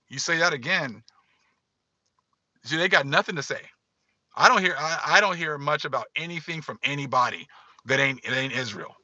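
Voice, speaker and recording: On a casual livestream, a man keeps returning to the same points while talking emphatically and loosely to his online audience. He sounds sharp and tense, pitched a little high. The recording is dry and slightly dull, as from lo-fi gear, with no echo.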